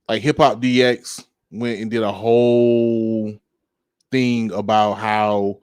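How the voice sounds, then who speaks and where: A man's voice: mid-range voice, clean tone, no room sound, studio quality. A man hosting a casual music podcast, rambling and laid-back, with many fillers, and he laughs at his own slips. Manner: drawn-out speech with many fillers. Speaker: podcast host.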